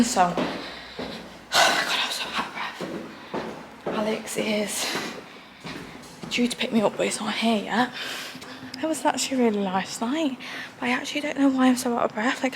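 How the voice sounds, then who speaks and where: A young woman chatting casually to her phone camera as a lifestyle vlogger, rambling and frank with lots of asides. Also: medium pitch. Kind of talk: casual vlog chat to camera. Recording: roomy, with clear background noise.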